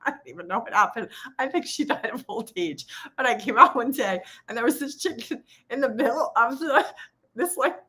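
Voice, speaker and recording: A woman's voice: on the high side, fairly quick, sharp tone. Chatty laughing woman coach. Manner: chatty, laughs often, acts out quoted voices. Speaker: trading coach hosting a live session. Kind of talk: casual live-stream chat. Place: home office.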